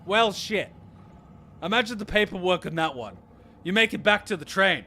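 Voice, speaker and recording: A man reacting to a game story, ranting excitedly and swearing heavily. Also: high voice, normal speed, slight background noise. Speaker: reaction streamer.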